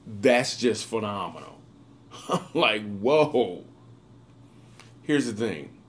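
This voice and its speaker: A man's voice: fairly low pitch, very animated, takes it slowly. Casual, upbeat man telling a story. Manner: casual and upbeat, with slangy asides. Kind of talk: recorded video monologue.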